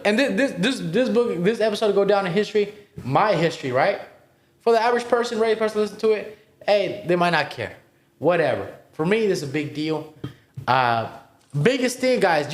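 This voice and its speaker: A man who came to the United States as an immigrant kid tells his own story as a podcast cohost, in an emphatic, motivational way, swearing and calling listeners "bro.". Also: high-pitched. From immigrated to the United States as a child. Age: adult, past twenty-one. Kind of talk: candid personal story on a podcast.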